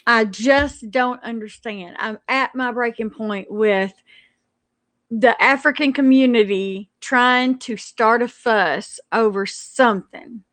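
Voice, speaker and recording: Her fairly high voice a bit bright, a woman on a live stream rants with indignation, stumbling and starting sentences over. She speaks slowly, captured in a close, dry recording with no sense of a room.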